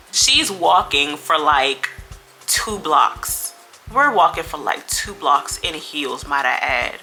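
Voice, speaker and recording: A woman vlogger telling a storytime in a chatty, slangy, animated way. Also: sits low, slow, soft background music. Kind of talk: casual storytime.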